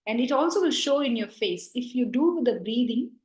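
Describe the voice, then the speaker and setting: A woman teaching a live online breathing class, counting breaths and coaching participants, then talking calmly about breath and emotion. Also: a little high, normal speed, echoey room, rough recording. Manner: counting aloud and coaxing participants with bursts of energetic breath sounds; calm, reflective talk about breath and emotion. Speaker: yoga and breathing instructor.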